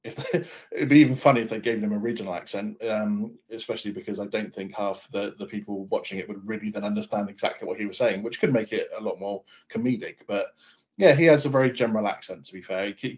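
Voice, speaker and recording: Soft-spoken southern English man, hesitant. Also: lowish voice. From England. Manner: hesitant, restarts sentences, lots of ums. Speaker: podcast co-host. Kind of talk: casual chat.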